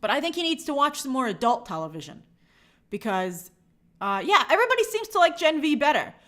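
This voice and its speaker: A woman's voice: sits high, fairly quick. A woman hosting an entertainment news show, talking in a casual, sarcastic and exasperated way. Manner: animated, sarcastic, exasperated asides. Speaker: show host. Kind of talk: casual opinionated commentary.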